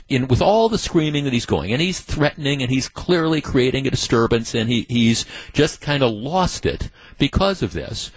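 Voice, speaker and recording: A man's voice: medium pitch, husky, no echo, poor audio. A man hosting a talk radio show, telling a news story and taking calls in a conversational way, often repeating words as he thinks aloud.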